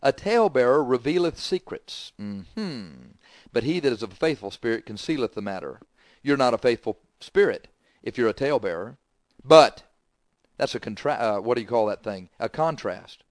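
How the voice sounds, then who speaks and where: A man's voice: mid-range voice, lively intonation, normal speed, no echo, studio quality. A man preaching a sermon, hammering the congregation with confrontational rhetorical questions.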